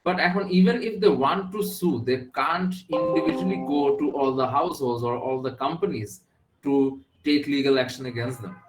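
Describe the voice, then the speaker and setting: A man's voice: a little high, quick pace, echoey room, soft background music, rough recording. A man with a Bangladeshi accent teaching a class, switching between English and Bengali and often checking that his students follow. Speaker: university lecturer. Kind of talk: classroom lecture.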